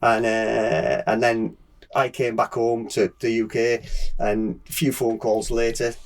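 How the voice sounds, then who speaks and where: In a casual interview podcast chat, a middle-aged English racer laughs and tells stories, saying yeah often. His mid-range voice stays level and a little slow.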